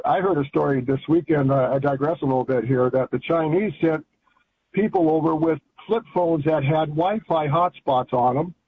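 A man's voice: on the high side, husky. Older male caller on a tinny phone line. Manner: rambling, folksy and enthusiastic. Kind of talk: casual call-in chat.

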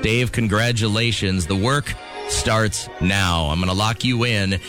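A man's voice: on the low side, a little slow, loud music behind the voice. A man hosting a morning radio call-in game, upbeat and joking. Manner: upbeat, joking, laughs easily. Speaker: radio morning show host.

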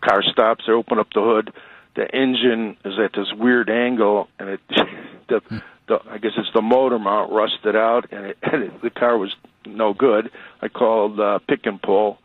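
A man from Chicago calls in to a radio show and tells a rambling, chatty story, often restarting his sentences. His voice sits low. The sound is tinny and dry, like a phone call. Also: steady tone, normal speed, no echo. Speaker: radio caller. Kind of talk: casual storytelling.

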